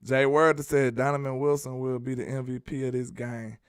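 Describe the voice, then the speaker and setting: A man from Alabama, hosting a casual sports live stream, reading viewer messages and joking in a sing-song, animated way. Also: medium pitch, moderate pace, smooth, no room sound, studio quality, soft background music.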